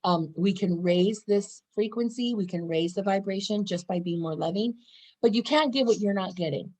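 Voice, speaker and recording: A woman's voice: medium pitch, moderate pace, darkish tone, low-quality recording. A woman in her thirties talking casually to camera in a bubbly, upbeat, chatty way. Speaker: wellness vlogger.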